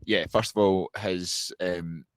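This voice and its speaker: A man co-hosting a podcast, giving a measured, analytical post-match football reaction with frequent restarts. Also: sits low, fairly even intonation, smooth. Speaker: podcast co-host.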